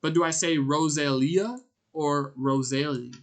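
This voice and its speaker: A man streaming a game, chatting casually and rambling in a jokey way, with sudden loud outbursts as he answers his chat. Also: fairly high pitch, fairly even intonation, a little slow, slight background noise. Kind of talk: casual gameplay commentary.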